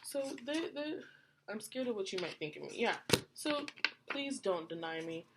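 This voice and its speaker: A woman reads tarot cards for her viewers in a loose, chatty way and talks to them directly. She circles back over the same points again and again. Her pitch sits mid-range, and a clear hiss with clicking runs under the whole recording. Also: big pitch swings, moderate pace. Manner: chatty, repeats herself, speaks to viewers directly. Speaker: tarot reader. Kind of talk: casual tarot reading monologue. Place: home.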